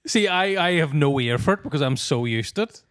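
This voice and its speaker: A man with a Tyrone-Fermanagh Northern Irish accent hosting a podcast as a comedian, sweary and quick to laugh. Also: on the high side, animated, fairly bright tone, dry recording, studio quality. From Northern Ireland (Tyrone and Fermanagh). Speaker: podcast host, stand-up comedian. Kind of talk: casual podcast banter.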